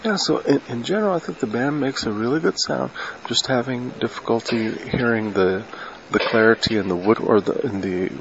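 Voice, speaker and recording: An older man, a retired band director, gives brisk spoken comments to a band during its performance, singing and tonguing phrases to show what he wants. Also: medium pitch, vocal fry, noisy background. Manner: sings and tongues musical phrases to demonstrate; brisk coaching instructions. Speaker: band adjudicator. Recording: dull recording over loud band playing. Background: concert band playing loudly.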